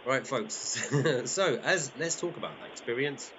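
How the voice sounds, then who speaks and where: A man hosting a group in excitable, chatty live commentary, often laughing as he talks. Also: medium pitch, a little slow, lo-fi sound, a little hiss or hum. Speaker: group host.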